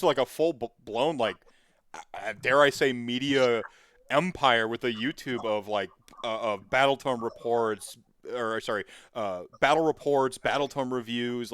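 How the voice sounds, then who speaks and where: Rambling, animated American man hosting a stream. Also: medium pitch, no echo, clean studio sound. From United States. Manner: rambling, animated, heavy use of filler words. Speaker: livestream host. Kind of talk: casual chat on a charity stream.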